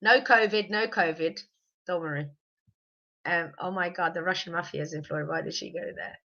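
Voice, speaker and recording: Reviewing a reality show in a casual chat, a woman with a slight cold shares strong opinions and mocks freely. She speaks fairly low in a bright, forceful voice, and the recording has its highs cut off.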